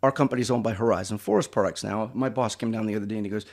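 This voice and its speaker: A man's voice: lowish voice, racing, darkish tone. A man hosting a podcast, telling anecdotes in a chatty way and acting out the people he quotes. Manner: chatty storyteller, acts out quoted voices. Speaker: podcast host. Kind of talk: casual podcast conversation.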